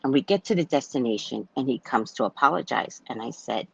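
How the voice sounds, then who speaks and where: A woman's voice: rumbling low, lively intonation, brisk, gravelly, few pauses, husky, no echo, lo-fi sound. A woman telling a personal story in a casual monologue, blunt and swearing freely as she acts out a heated argument. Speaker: psychic reader sharing a personal story.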